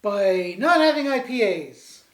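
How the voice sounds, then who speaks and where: A man's voice: sits high, expressive, a little slow, recorded from a distance. Rambling joking man in an echoey room. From Canada. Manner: rambling, jokey, says "anywho" often. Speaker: co-host. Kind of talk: casual beer-tasting chat.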